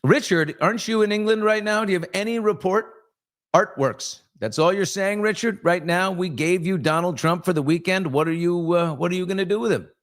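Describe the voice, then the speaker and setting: A man's voice: high voice, brisk. Guy hosting a loose live morning chat, jokey, rambly, talking to the crew. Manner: joking, rambling asides to crew. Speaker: host. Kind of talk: casual live talk show chat.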